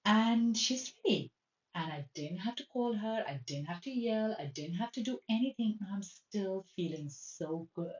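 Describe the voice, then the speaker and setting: A woman who works as a life coach, telling a personal story in a chatty, expressive way and acting out her own thoughts. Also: mid-range voice, normal speed. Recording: roomy, distant, dull sound.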